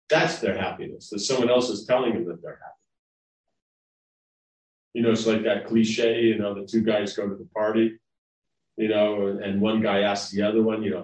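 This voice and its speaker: A man with a lowish, slightly mellow voice delivers a devotional class lecture at a somewhat quick pace. As a spiritual lecturer, he rambles conversationally and keeps checking in with his listeners. The recording sounds roomy, with the mic placed at a distance.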